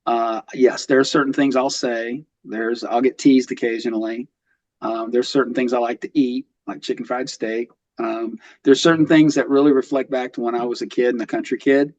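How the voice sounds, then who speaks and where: Middle-aged Texan man with a mild West Texas lilt, unhurried guest telling his story, close and slightly muffled. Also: mid-range voice, steady tone, a little mellow, no room sound. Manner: thoughtful, with frequent ums and restarts. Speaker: podcast guest. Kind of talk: casual interview. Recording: dull lo-fi audio.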